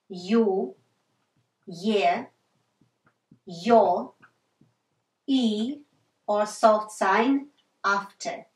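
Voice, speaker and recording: Female teacher, slow and patient, roomy echo, mic set back. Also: medium pitch. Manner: patient, repeats sounds many times, apologizes for slips. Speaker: language teacher. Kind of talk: slow whiteboard lesson with repeated examples.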